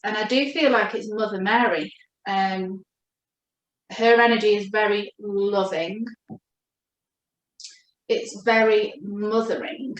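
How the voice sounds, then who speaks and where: A woman giving a gentle, reassuring spiritual chakra reading as a coach. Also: mid-range voice, fairly even intonation, dull audio. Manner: gentle, reassuring, speaks slowly when addressing her guide. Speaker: oracle card reader and coach. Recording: echoey room.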